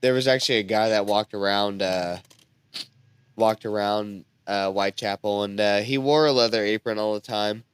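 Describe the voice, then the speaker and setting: A man's voice: fairly low pitch, normal speed, a little hiss or hum. A man co-hosting a casual podcast chat, rambling and packing his talk with fillers.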